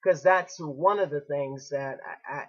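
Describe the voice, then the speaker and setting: A woman's voice: sits low, a little slow, dull audio. A woman hosting a radio talk show, agreeing with her guest and speaking with frequent hesitations. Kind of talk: casual talk-show chat.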